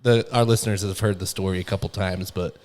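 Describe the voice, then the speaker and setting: A man's voice: low voice, steady tone, fast talker, a little mellow, a little hiss or hum. A man co-hosting a podcast who eagerly chimes in with comments and prompts during casual chat. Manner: eager, chiming in. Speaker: podcast co-host.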